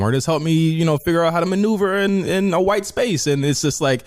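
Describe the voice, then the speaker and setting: A man hosting a casual talk show, asking halting questions full of restarts. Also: a little high. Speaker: host. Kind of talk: casual interview chat.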